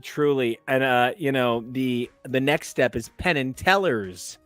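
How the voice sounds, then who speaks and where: Guy hosting a podcast, rambly animated storytelling, dry close mic. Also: medium pitch, measured pace, clean tone, no room sound, faint music behind. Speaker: podcast host. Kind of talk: casual chat.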